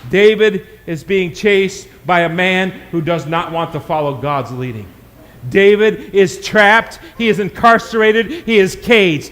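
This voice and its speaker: Bright-voiced preacher man in a church hall. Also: sits high. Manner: dramatic swings from shouting to hushed. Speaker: pastor. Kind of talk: sermon.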